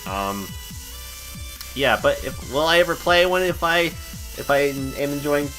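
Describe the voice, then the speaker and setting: A man's voice: fairly high pitch, lively intonation, unhurried, fairly bright tone, faint music behind. A young man hosting his channel's podcast, rambling through viewer questions and laughing between thoughts. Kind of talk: casual chat answering viewer questions.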